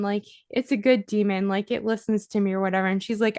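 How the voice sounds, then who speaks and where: A woman, a podcast guest, telling a story in a casual, animated way, with lots of "like" fillers. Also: mid-range voice, a little fast, few pauses, no echo, clean studio sound. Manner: animated storyteller, heavy use of "like".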